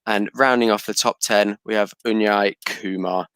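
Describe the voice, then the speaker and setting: A man's voice: lowish voice, steady tone, normal speed, a bit bright, clean tone. A man hosting a casual fantasy football podcast, chatty and reading out league standings. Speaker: host.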